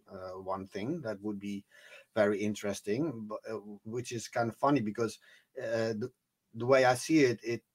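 A man's voice: medium pitch, slightly rough. Hesitant Dutch-born man, laughing easily. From Netherlands. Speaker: guest DJ. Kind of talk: casual interview chat.

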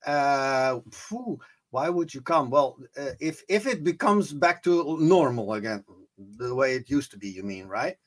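A man's voice: mid-range voice, expressive, measured pace. Hesitant Dutch-born man, laughing easily. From Netherlands. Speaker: guest DJ. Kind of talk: casual interview chat.

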